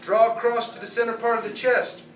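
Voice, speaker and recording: A man teaches a first aid class with a high voice and a blunt, joking manner. He plays out little scenes in silly voices. He is recorded from a distance in an echoey room, with faint room noise behind him. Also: flat delivery, brisk. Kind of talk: live classroom instruction.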